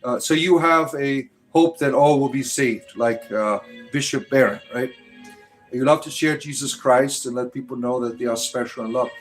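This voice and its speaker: Rambling American man hosting a livestream. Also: medium pitch. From United States. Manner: rambling, tags lines with "right?". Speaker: livestream host reading chat. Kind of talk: casual livestream chat.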